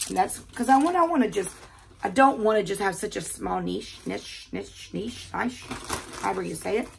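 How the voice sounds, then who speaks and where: Older woman, Southern accent, gravelly fry, chatty unboxing talk, faint background hiss, quiet bedroom. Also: mid-range voice, very animated. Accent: Southern American. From American South. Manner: chatty, fast-talking, repeats words. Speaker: jewelry unboxing vlogger. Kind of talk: casual chat while unboxing.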